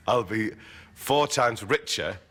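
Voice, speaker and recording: Deep-voiced comedian, dry anecdotes. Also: male voice, very slow, fairly bright tone. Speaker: comedian guest. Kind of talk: casual interview anecdote.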